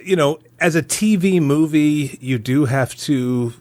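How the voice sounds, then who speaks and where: A man's voice: on the high side, a little slow, darkish tone. A man as a podcast guest in a casual review chat, reflective and chuckling often as he talks.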